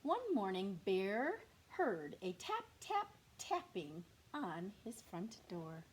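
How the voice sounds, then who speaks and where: A woman teacher reading a picture book aloud to young children, slow and expressive, with whispered asides to the class. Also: mid-range voice, breathy edge. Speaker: kindergarten teacher.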